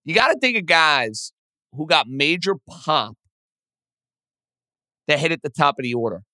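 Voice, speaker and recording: A man hosting a sports radio show, casually thinking out loud as he works through baseball trivia. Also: on the high side, measured pace, dry recording. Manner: animated, thinks out loud, self-deprecating.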